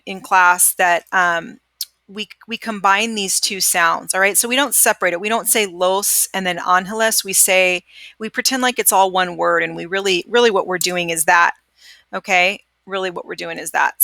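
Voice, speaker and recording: A woman teacher records a screencast lesson into a computer microphone, her voice bright and forward in a dry, close sound. She talks casually with plenty of fillers and says each word slowly twice so students can repeat after her. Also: mid-range voice, creaky, no room sound. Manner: chatty with many fillers. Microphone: computer microphone during screencast.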